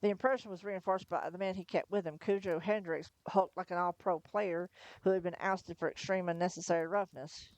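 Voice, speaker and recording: A woman's voice: lowish voice, steady tone, brisk, a little mellow, no echo. Woman reading a novel aloud, voice wearing thin. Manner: chatty, laughs between asides. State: voice going hoarse. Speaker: livestream storyteller.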